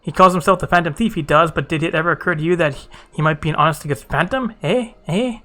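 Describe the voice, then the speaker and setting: A man voicing a grieving, suspicious old mother who nags with drawn-out taunts. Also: fairly high pitch, bright, forceful tone, soft background music. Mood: cackling.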